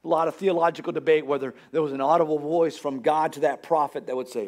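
Male pastor, higher-pitched voice, conversational sermon delivery that builds in emphasis. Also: fairly even intonation, quick pace, hardly any pauses, darkish tone. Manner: earnest, conversational preaching with rising emphasis. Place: church.

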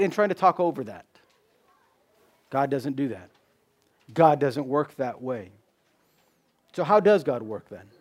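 A man preaching a sermon, asking rhetorical questions, repeating key phrases, and dropping from loud emphasis to hushed tones. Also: fairly high pitch, moderate pace, long pauses. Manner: swings between loud emphasis and hushed drops.

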